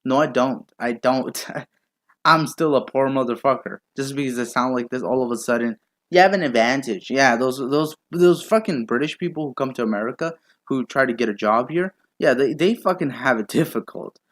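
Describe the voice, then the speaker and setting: A man reacting to a video in a heated, sarcastic rant, swearing freely and sounding openly disbelieving. His voice sits at an ordinary middle pitch. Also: moderate pace. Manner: sarcastic, profane, incredulous. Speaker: YouTube commentator.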